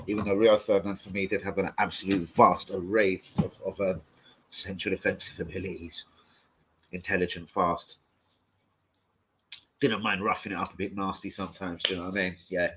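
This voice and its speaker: A man hosting a fan live stream, answering viewer comments in foul-mouthed, rambling, excitable rants. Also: low-pitched, slight background noise, rough recording. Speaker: football fan channel host.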